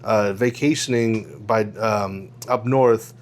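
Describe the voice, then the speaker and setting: A man's voice: on the low side, slow. A man from Houston hosting a casual podcast, rambling through a story with restarts and frequent laughs. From Houston, Texas. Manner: rambling, self-correcting storyteller who laughs often. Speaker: podcast host.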